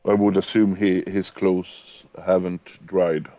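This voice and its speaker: A man's voice: low voice, little pitch movement, slow pace, mellow, dry recording. A man narrating his character's actions as a player in a tabletop game, hesitant with many fillers.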